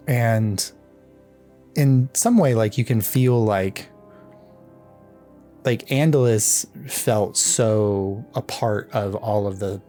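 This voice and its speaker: A man's voice: lowish voice, warm tone. A man narrating as game master of a tabletop game in a rambling, filler-heavy way. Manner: rambling narration with many ums and likes.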